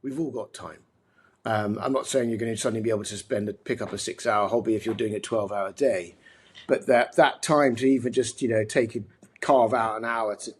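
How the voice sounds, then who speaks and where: A man's voice: mid-range voice, husky. A man with a posh English accent, a podcast guest talking earnestly and reflectively, often restarting his sentences. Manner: thoughtful, many restarts and fillers, earnest. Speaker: podcast guest, mental health advocate. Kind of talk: reflective conversational interview.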